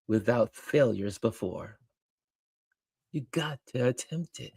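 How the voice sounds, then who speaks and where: A man hosting a live-stream, greeting viewers by name and reading their comments aloud in an upbeat, animated way. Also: medium pitch, a little slow, vocal fry, pauses often, husky, no echo. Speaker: host.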